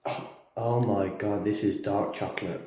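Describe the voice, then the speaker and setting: A man's voice: on the low side, steady tone, moderate pace, mellow. Chatty man in an echoey room. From England. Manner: chatty, explains step by step. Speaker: cigar vlogger. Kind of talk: casual chat and demonstration. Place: indoors at home.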